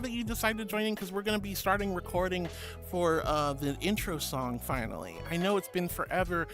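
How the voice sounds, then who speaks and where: A man with a high, light voice chats with his stream, greeting viewers one by one and calling them honey and sweetie. He is playful and bursts into silly noises. Soft music plays faintly behind him. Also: brisk. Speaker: VTuber streamer. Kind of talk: casual chat reading viewer messages.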